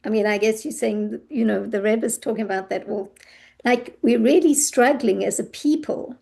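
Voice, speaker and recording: A woman's voice: on the high side, moderate pace, creaky, warm tone. A woman teaching a class, speaking thoughtfully and searching for words with frequent restarts. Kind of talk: class discussion.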